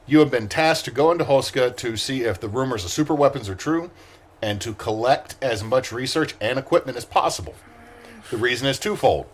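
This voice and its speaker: A man running a tabletop game as its game master, laid-back and swearing freely. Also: medium pitch. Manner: laid-back, swears freely, reads setup in a flat briefing tone.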